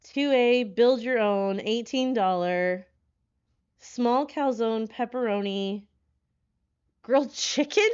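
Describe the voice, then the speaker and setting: Woman, live streamer, excitable, laughs a lot, swears when startled, fairly high voice, slightly dull sound. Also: slow pace, pauses often, clear, resonant tone, no echo. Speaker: horror variety streamer. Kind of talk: live stream chat, greeting viewers. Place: hotel room.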